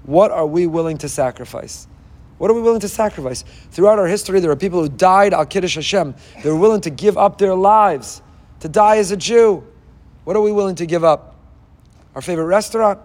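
A man's voice: sits high, a little mellow. A man giving an impassioned sermon as a rabbi, firing off rhetorical questions and weaving in Hebrew phrases. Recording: long hall reverb.

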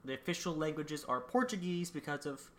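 Low-voiced woman on a chatty podcast, reading facts w dry jokes and lots of ums. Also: animated, brisk, a little hiss or hum. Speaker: podcast co-host presenting country facts. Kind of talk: casual podcast chat.

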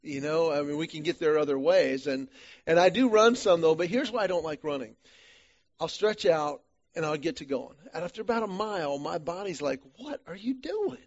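A man with a slightly raised speaking pitch leads a men's church study group. He tells stories in an animated, self-deprecating way. The sound is a little dull and lo-fi. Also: a little fast. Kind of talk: church small-group teaching talk.

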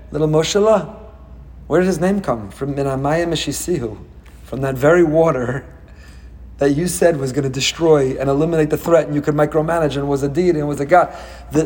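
A man teaching a Torah class, animated, asking dramatic rhetorical questions and swinging between loud emphasis and hushed asides. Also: fairly high pitch.

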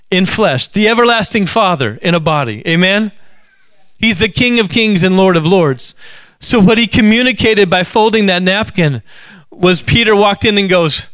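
A man preaching an Easter sermon, calling out questions to the congregation and rising to shouts. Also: high-pitched, no echo.

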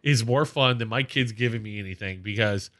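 Bright-voiced rambling man in his forties. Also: lowish voice, fairly quick. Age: 40s. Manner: loud, rambling storyteller, repeats himself. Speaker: podcast co-host. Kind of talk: casual chat.

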